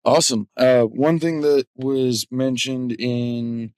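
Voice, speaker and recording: A man's voice: mid-range voice, fairly even intonation, slow, a little mellow, no echo. A man hosting a community Q&A, passing questions along in an easygoing way. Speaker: host running a Q&A. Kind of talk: casual moderating.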